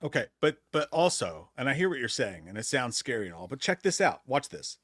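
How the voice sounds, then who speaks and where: A man's voice: medium pitch, very animated, a little fast, few pauses, fairly bright tone, no echo, clean studio sound. A man co-hosting a casual live chat, joking and laughing often. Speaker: co-host.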